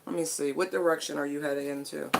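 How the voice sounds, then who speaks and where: A woman's voice: low-pitched, fairly even intonation, fast talker, creaky, background noise. A woman giving a casual spiritual tarot reading, chatty and emphatic, with casual swearing. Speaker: tarot card reader.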